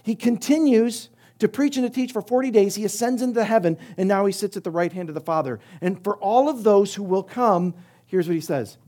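A middle-aged male pastor preaching a sermon, emphatic, using rhetorical questions and swinging between loud and soft delivery. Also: high-pitched, fairly quick.

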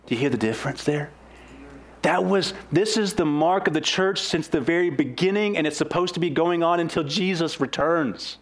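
A young man preaching with earnest energy. His voice sits a bit high for a man, and it leaps up and drops down as he presses his points. He speeds up and slows down by turns. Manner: earnest, animated, with sudden swings in pitch and pace. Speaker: pastor. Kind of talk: sermon.

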